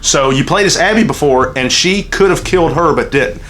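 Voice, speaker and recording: Over soft background music, a man with a fairly high, fairly bright voice talks at normal speed through a game review. He has a Southern US accent and rambles emotionally in this unscripted channel chat, with heavy profanity throughout.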